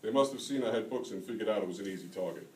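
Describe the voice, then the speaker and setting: A man's voice: lowish voice, animated, very fast, a little mellow, slight background noise, natural voice. A man reading aloud, voicing a wisecracking, foul-mouthed fifteen-year-old city boy in a roomy hall recorded from a distance. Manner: mocking, crude, smart-mouthed. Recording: roomy hall, taken from far off.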